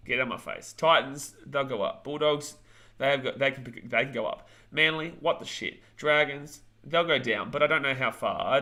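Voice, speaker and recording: A young man in his twenties runs a casual sports chat stream, reading out viewer comments. His voice is bright and forceful. He talks bluntly and rambles, with plenty of fillers. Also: mid-range voice. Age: 20s.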